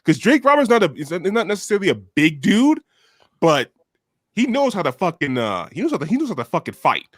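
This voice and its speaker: Man, podcast co-host, rambling and profane, slightly high pitch, very lively intonation, dry sound. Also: fairly quick, breathy edge, no room sound. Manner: rambling, profane, lots of fillers and restarts. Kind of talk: casual storytelling chat.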